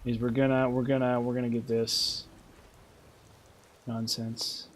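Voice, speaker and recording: A man's voice: medium pitch, little pitch movement, measured pace. A man streaming a game, rambling in casual commentary with many restarts.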